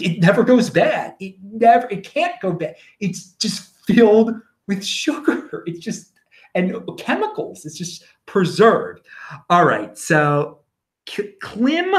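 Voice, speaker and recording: A man with a Baltimore accent rambles through his stories in a casual solo show. His fairly high voice swoops up and down a lot, and the room around him rings with echo. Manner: rambling, animated storytelling. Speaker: show host. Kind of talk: casual monologue.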